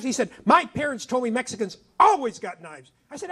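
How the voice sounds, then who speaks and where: A man's voice: extremely high pitch, a little fast, hardly any pauses, some chatter behind, a little hiss or hum. A middle-aged man giving an emphatic storytelling talk to a school audience, acting out the dialogue. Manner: animated, emphatic, acts out dialogue. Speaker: author speaking at a school.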